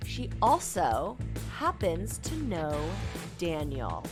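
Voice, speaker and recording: A woman's voice: fairly low pitch, wildly swooping pitch, takes it slowly, music in the background. A young woman hosting a podcast, talking in a frank, emphatic way and swearing freely. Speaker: podcast host. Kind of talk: casual podcast talk.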